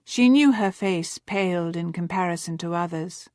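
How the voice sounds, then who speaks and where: A woman narrating a romance novel as an audiobook, calm and measured. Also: lowish voice, no room sound, studio quality. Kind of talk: scripted narration.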